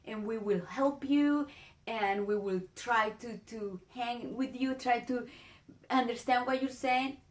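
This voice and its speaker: Spanish-accented woman teacher, slightly high voice, unhurried, earnest; casual video lesson. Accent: Spanish-speaking. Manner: earnest, drawn-out demonstrations of vowel sounds.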